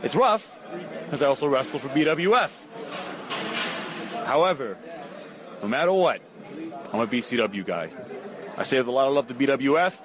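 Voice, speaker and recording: A man's voice: mid-range voice, sing-song, normal speed, pauses often. Wrestler guy from the bronx, emphatic, voice goes up and down a lot, crowd noise all around. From the Bronx, New York. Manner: emphatic, repeats himself. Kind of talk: post-match interview. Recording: noisy crowd in the background.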